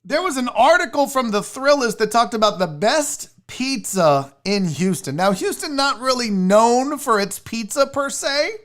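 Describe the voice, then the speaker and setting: A man's voice: very high voice, animated, a little slow, hardly any pauses, fairly bright tone. A man hosting a casual sports livestream, rambling, jokey and profane, fiddling with his screen as he talks. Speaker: sports show host.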